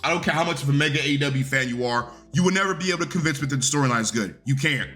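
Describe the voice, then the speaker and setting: A man's voice: mid-range voice, animated, rapid-fire, sharp tone, soft background music. A man reviewing a wrestling show in a casual recap rant, blunt, profane and dismissive.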